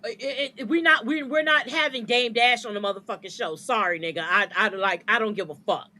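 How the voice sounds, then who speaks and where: Fired-up woman ranting, high bright voice. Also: brisk. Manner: profane, blunt, fired-up ranting. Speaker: podcast co-host. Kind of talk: heated podcast rant.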